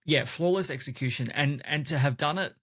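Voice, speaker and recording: A man co-hosting a podcast in casual chat, relaxed and often repeating words as he starts a sentence. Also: fairly high pitch, fairly quick, dry recording. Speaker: podcast co-host.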